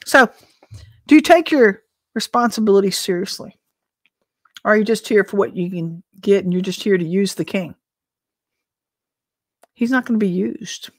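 A woman teacher and minister giving informal prophetic teaching in a conversational way, full of rhetorical questions and an occasional throat clearing. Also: mid-range voice, moderate pace, long pauses, dry recording, studio quality.

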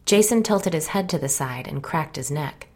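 A woman narrating a first-person audiobook in a quiet, restrained way. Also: low voice, lively intonation, moderate pace.

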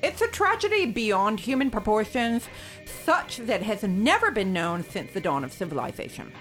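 A woman's voice: mid-range voice, very animated, moderate pace, fairly bright tone, faint music behind. A woman in casual podcast chat, gushing with theatrical exaggeration. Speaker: podcast co-host.

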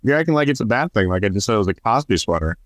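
A man's voice: lowish voice, lively intonation, racing, dry recording, studio quality. A man co-hosting a podcast, trading wry puns in casual chat. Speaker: podcast co-host.

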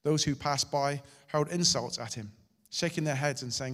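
A male pastor preaching a sermon, swinging between loud and hushed delivery. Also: a little high, moderate pace, hardly any pauses. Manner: dramatic, shifting loud and soft. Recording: hall reverb.

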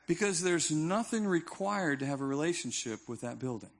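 A man preaches in a relaxed, conversational way, landing his points with emphasis and some humor. His voice sits a little higher than most men's. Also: normal speed. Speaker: pastor. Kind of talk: sermon.

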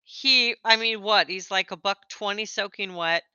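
A woman's voice: mid-range voice, normal speed, pushed and bright, clear, resonant tone, no room sound, highs cut off. A woman co-hosting a podcast, asking questions and teasing in casual chat. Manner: brief, asks questions, teasing. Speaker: podcast co-host.

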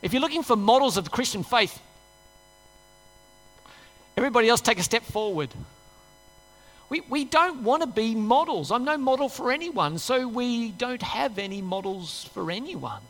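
Man, pastor, conversational sermon, rhetorical questions, bright voice, long hall echo. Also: high voice.

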